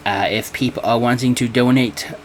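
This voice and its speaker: A man's voice: medium pitch, fairly even intonation, a little hiss or hum. Nervous streamer man. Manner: nervous, halting, many restarts. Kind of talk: casual live-stream chat.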